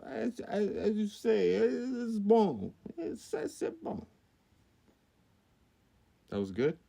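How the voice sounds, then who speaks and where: A man's voice: wildly swooping pitch, drawn-out words, vocal fry, mellow, exaggerated voice. A man putting on a teasing, stammering Parisian man with a mock French accent, as a comic podcast bit. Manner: squeaky, stammering, exaggerated.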